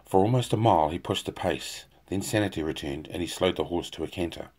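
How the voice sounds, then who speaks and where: A man with a very low, deep voice reads a fantasy novel aloud. His narration is steady and unhurried, and it stays even through grim scenes. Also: breathy edge. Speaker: audiobook narrator. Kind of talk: fan reading of a fantasy novel.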